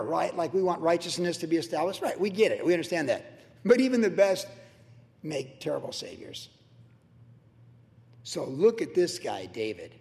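A man preaching a sermon in an energetic, excitable way with chatty asides. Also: a little high. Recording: long hall reverb.

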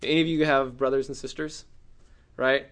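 A middle-aged man preaching a sermon, telling a personal story with acted-out cries and shouts. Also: mid-range voice, flat delivery, normal speed.

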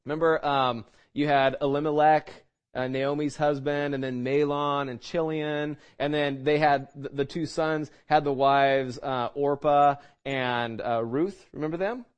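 Male preacher, casual teaching sermon, rhetorical questions, slightly high register. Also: fairly even intonation, measured pace, smooth, highs cut off. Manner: conversational, many restarts and rhetorical questions.

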